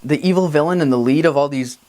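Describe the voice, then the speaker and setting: A man's voice: on the high side, fast, over music. A man hosting a casual movie review vlog from a green-screen studio, talking in a sarcastic, mocking way. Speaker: film reviewer and show host.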